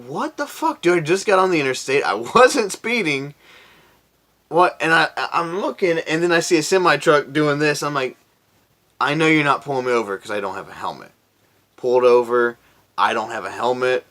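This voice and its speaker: A young man tells a story to his viewers in a loose, laid-back way, cursing freely. His voice sits at an ordinary middle pitch, and he jumps higher when he quotes himself. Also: bright, forceful tone. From Florida. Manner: profane, laid-back, quoting himself in a raised voice. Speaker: vlogger. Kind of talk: casual storytelling.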